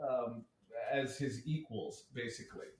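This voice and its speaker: A man's voice: mid-range voice, a little slow, a crowd in the background. A man co-hosting a casual podcast about movies and drinks, who laughs often and retells scenes with energy. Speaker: podcast co-host.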